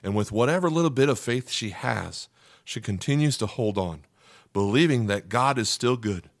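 A man's voice: medium pitch, lively intonation, normal speed, no echo, studio quality. A man preaching a sermon as a pastor, earnest and emphatic, often checking in with "okay?".

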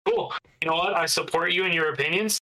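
A man's voice: on the high side, fast, sharp tone, rough recording. A man co-hosting a podcast in casual chat, easygoing and wry, often acting out voices of people in his anecdotes. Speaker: podcast co-host.

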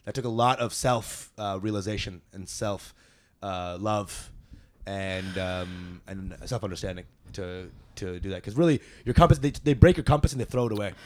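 A young man, a comedian, talking casually and profanely on a podcast, animated and quick to joke. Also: fairly low pitch.

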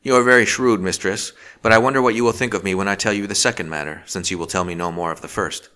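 A man reading the part of a passionate older magistrate who speaks harshly and forcefully. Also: on the low side, steady tone, fast talker. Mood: stern. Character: passionate older male magistrate, gruff and stern.

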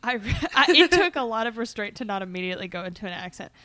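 A woman's voice: fairly high pitch, very animated, fast talker, sharp tone, no echo. A young woman co-hosting a podcast, chatting casually, giggling and rambling with many restarts. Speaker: podcast co-host. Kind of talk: casual chat.

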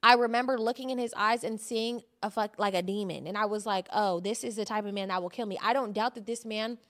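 A woman co-hosting a podcast, telling a story in animated, casual chat and swearing often. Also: mid-range voice, fairly quick. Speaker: podcast co-host.

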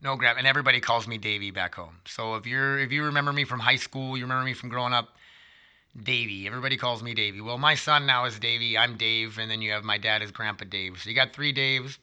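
A man's voice: medium pitch, fast, pushed and bright, clean tone. A man in his thirties talking casually to his viewers, rambling and sidetracking, with frequent swearing and laughing at himself. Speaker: vlogger. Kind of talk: casual rambling monologue to camera.

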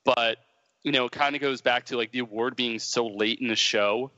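A man's voice: medium pitch, steady tone, moderate pace, bright, forceful tone, dry recording, big-room sound, muffled recording. A man chatting casually in a rambling way with many fillers. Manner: rambling, laughing, lots of fillers. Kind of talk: casual chat.

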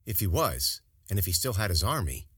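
A man narrating a fantasy story as an audiobook in an expressive, dramatic reading. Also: sits low, fairly quick, slightly rough, no echo, clean studio sound.

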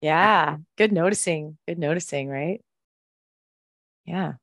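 A woman hosting a podcast, asking gentle, reflective questions and holding space for her guest. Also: low-pitched, slow, no echo, clean studio sound. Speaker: podcast host. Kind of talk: supportive interview conversation.

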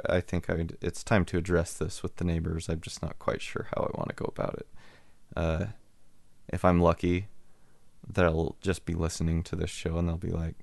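Gravelly low-voiced man telling a story. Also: a little mellow, dry recording. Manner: rambling, restarts sentences, chuckles often. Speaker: radio show host. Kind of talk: casual storytelling.

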